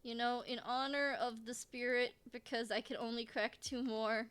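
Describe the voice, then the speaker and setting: A woman's voice: fairly high pitch, flat delivery, moderate pace, a bit bright, clear, resonant tone. A woman streamer giving casual let's-play commentary, rambling to herself with frequent restarts and giggles. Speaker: game streamer.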